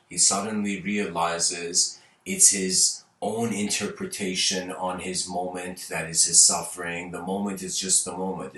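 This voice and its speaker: A low-voiced man who is a spiritual teacher, speaking loosely and circling back on himself as he answers questions. The sound is roomy and set a little back from the mic. His delivery wanders and keeps restarting. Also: a bit bright, recorded from a distance. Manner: rambling, many restarts and "you know"s. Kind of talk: casual talk answering viewer questions.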